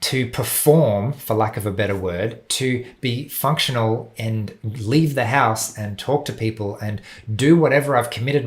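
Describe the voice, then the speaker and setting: A man speaks straight to his viewers in a reflective, unhurried vlog. His voice sits in an ordinary middle register, and his delivery is measured and thoughtful. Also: medium pitch. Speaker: vlogger. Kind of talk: reflective personal talk to camera.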